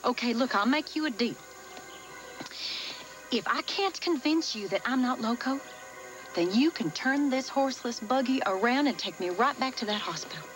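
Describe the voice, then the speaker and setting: A woman's voice: on the high side, animated, moderate pace, close to an everyday voice. A stubborn frontier woman out of her time, played by an actress. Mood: insistent. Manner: folksy old-fashioned talk, pleading. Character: frontier woman lost in modern times, stubborn. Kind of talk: 1980s TV soap acting. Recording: TV soundtrack with music underneath.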